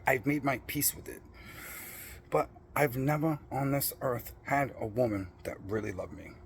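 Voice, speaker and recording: A man's voice: medium pitch, creaky, a little hiss or hum. A middle-aged man in a blunt, profane personal rant, defiant and boastful about his principles. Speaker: vlogger.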